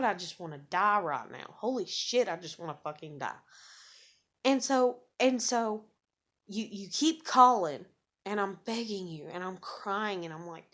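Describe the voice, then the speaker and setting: A woman's voice: medium pitch, fairly bright tone. A woman venting in an angry, profane vlog monologue, blunt and bitter, often repeating words as she gets worked up. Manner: heavy swearing, bitter and blunt; repeats and restarts words when agitated. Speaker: vlogger. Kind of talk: angry ranting monologue to camera.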